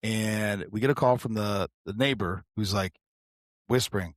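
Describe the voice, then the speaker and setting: A man's voice: fairly low pitch, normal speed, no room sound, clean studio sound. A man co-hosting a podcast, casually telling a work story with a lot of "bro" and swearing. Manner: animated, swearing, calls the listener bro. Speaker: podcast co-host, sheriff's deputy.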